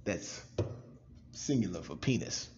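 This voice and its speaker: A man from Maryland telling a wild personal story on a podcast, animated and profane, laughing often. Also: low voice, measured pace, dull audio, a crowd in the background. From Maryland, USA. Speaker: podcast cast member. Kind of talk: casual storytelling.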